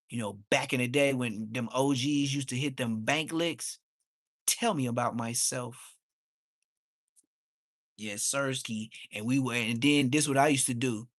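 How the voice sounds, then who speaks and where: A man, ranting on a livestream. He is heated and mocking, and his voice suddenly jumps high. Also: a bit bright, no room sound, studio quality. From Inglewood, Los Angeles. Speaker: livestream host. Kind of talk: profane livestream rant.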